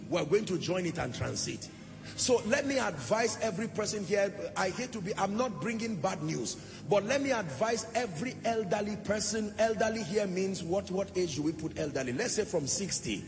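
A high-pitched, gravelly male voice delivers a fervent sermon that frequently rises into chanted, sung lines, echoing with the long reverb of a church hall.

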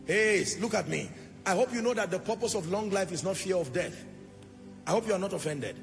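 A man's voice: sits high, animated, a little fast, creaky, soft background music. A man preaching a sermon, impassioned, often swelling into sung, chanting phrases. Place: church hall. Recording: long church hall reverb.

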